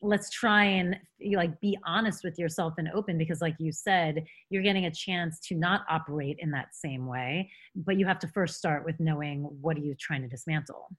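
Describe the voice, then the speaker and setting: A woman's voice: low-pitched, normal speed, few pauses. A woman hosting a podcast, asking earnest, reflective questions. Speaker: podcast host. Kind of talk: casual podcast interview.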